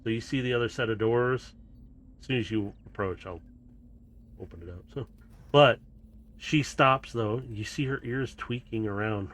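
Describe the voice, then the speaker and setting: Man, game master, casual tabletop narration, middle pitch. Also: moderate pace, pauses often, a bit bright, slight background noise. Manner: casual, laughing, storytelling narration.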